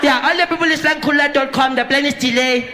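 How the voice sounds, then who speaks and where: A man's voice: very high voice, steady tone, fast talker, pitched above the performer's own voice. Muddled airport announcer man, rambling, noisy live recording, put on by a comedian. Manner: rambling, giggling mid-announcement.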